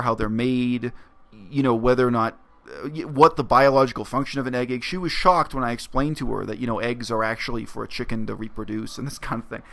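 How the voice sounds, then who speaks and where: A man talking through a story in a reflective, explanatory vlog monologue, with frequent pauses and fillers. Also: medium pitch, vocal fry, fairly bright tone. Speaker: vlogger. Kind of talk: casual spoken monologue.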